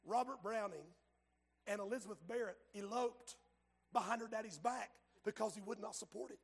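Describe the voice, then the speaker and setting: Male preacher, raspy fry, fiery hushed-to-shouting sermon. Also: high voice, normal speed. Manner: fervent, dramatic preaching that swings from hushed to shouted.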